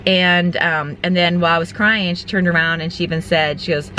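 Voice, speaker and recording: A woman in her forties records a casual vlog inside her car. Her voice is bright and forceful. She tells things candidly and rambles from one story to the next. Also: on the low side, fairly even intonation, brisk, a little hiss or hum. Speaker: vlogger. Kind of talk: casual chat.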